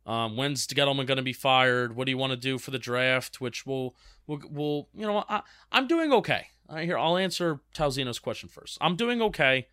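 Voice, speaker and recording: A young man talks loosely through listener questions, circling back and restarting his sentences. His voice sits at an ordinary pitch with a dry, close sound and no room around it. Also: expressive, normal speed, pushed and bright, clear, resonant tone, no echo. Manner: rambling, restarts often, reads out fan questions. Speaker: sports podcast co-host. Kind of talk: casual chat.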